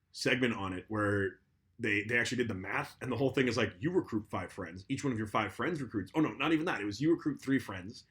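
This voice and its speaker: A young man co-hosting a podcast in casual chat, telling stories in an animated, profane way. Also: medium pitch. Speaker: podcast co-host.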